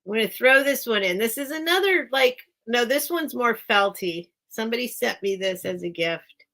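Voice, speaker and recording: A woman's voice: a little high, lively intonation, normal speed, sharp tone. A woman hosting a casual live-stream sale from a small room at home, chatty and easily distracted, laughing often. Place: small room at home with a towel under the door.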